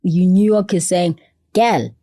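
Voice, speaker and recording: Expressive South African woman, low warm voice. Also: moderate pace, no room sound, studio quality. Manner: expressive, acts out quotes with playful voices. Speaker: podcast guest, foundation CEO. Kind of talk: animated conversational storytelling.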